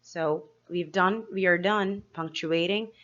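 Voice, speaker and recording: A woman teacher giving a slow, clear grammar lesson to young pupils, asking them questions as she explains each step. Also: fairly low pitch, a bit bright, highs cut off. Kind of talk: grade-school grammar lesson.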